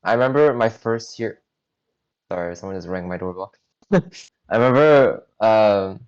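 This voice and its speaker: A man's voice: lowish voice, expressive, measured pace, a little mellow, clear, resonant tone. A man on a casual podcast, sounding sheepish and laughing often as he talks. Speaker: podcast co-host. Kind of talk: casual chat. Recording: dull lo-fi audio.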